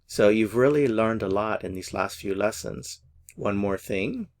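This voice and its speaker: A man teaching a language lesson, saying example phrases slowly and carefully. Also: fairly low pitch, darkish tone. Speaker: German teacher.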